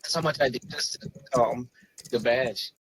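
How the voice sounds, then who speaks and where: A man in his forties, a podcast guest, telling a personal story in an earnest, halting way with frequent restarts. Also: medium pitch, slightly rough, low-quality recording. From Chicago area. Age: 40s. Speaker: podcast guest, former police officer. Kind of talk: personal story, casual talk.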